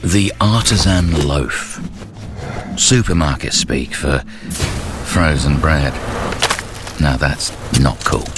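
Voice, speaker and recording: A man voicing a gruff, deadpan advertising narrator with a wry, dry read. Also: very deep voice, slow pace, pauses often, pitched below the performer's own voice. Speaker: ad voice-over. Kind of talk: scripted ad read. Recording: music bed behind.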